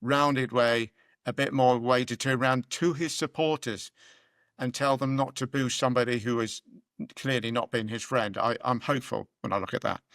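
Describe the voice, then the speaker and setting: British male podcast co-host, mid-pitched, casual and rambling, dry close mic. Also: steady tone, moderate pace, a bit bright, no echo. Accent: British English. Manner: rambling, conversational, frequent fillers and restarts. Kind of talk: casual political chat.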